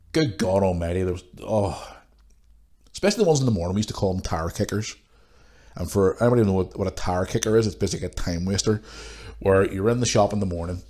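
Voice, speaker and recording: A man's voice: on the low side, darkish tone. A man hosting a podcast, ranting bluntly and swearing freely while he has a cold. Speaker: podcast host. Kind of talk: casual ranting monologue.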